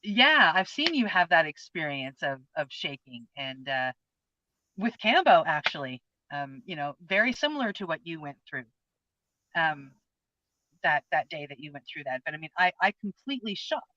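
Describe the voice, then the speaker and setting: A woman's voice: low-pitched, big pitch swings, normal speed, bright, forceful tone, no room sound. A woman in her fifties co-hosting a casual chat, telling a personal experience in an earnest, open, heartfelt way. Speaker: co-host. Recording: dull lo-fi, dry sound.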